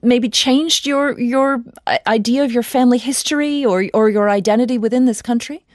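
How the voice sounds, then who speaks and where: A woman's voice: a little high, dry recording, studio quality. A woman hosting a radio discussion, asking guests questions with frequent restarts. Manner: halting, with repeated restarts. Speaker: host.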